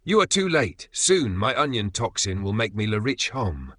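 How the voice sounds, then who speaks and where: A man's voice: mid-range voice, big pitch swings, a little slow, pushed and bright, slightly rough, no room sound, studio quality, heavily acted. A man voicing a pompous, scheming male villain in a mock French accent, grandiose and gloating.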